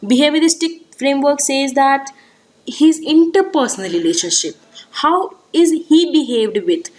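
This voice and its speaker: A woman's voice: high voice, animated, a little slow, a little mellow, low-quality recording. A woman with an Indian English accent giving an exam-prep lecture, explaining step by step and repeating key points with frequent fillers.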